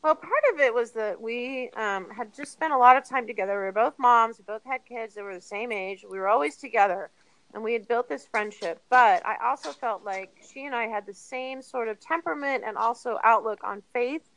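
Brief: woman in her thirties, earnest and chatty guest, bright tone, fairly high voice. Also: fairly quick, poor audio. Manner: earnest, chatty, animated retellings with laughs. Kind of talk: candid personal storytelling.

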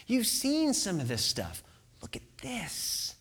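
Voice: medium pitch, huge pitch swings, slow, a bit bright, slightly rough, full character voice. A preacher voicing Jesus, a weary questioning man. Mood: reproachful. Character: Jesus, a weary man rebuking his followers.

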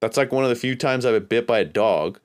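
A man with a smooth, resonant voice tells a story on his podcast. He rambles along in a casual, laid-back way and swears freely. His pitch sits in an ordinary middle range. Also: lively intonation, quick pace. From California, USA. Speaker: podcast host.

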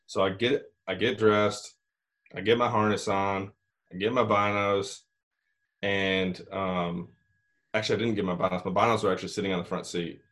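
A man's voice: low voice, flat delivery, moderate pace, a bit bright. A young man telling a long story in casual chat, rambling with lots of "like" and "you know" and the odd swear word.

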